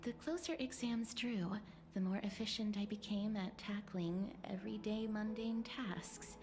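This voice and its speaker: An actress voicing a soft-spoken, gently teasing young woman student in a game. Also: mid-range voice, measured pace, music in the background, close to an everyday voice. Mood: wry. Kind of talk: game voice acting.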